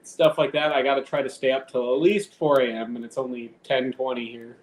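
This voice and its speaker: A man's voice: mid-range voice, little pitch movement, a little fast. A man rambling casually on a live stream at home, swearing now and then and talking to his cat. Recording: roomy with faint background noise.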